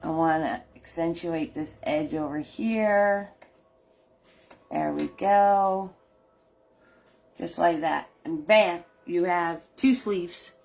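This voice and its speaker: Slow, chatty middle-aged woman teaching painting. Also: fairly low pitch. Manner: chatty, laughs often, greets viewers by name. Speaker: live painting class host. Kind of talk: casual live painting instruction.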